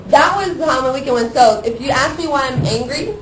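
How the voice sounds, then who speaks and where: A woman's voice: sits high, expressive, fairly quick. A young woman teacher telling her class a long, worked-up story about her weekend, acting out her own reactions as she goes. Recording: echoey classroom from far off, noisy.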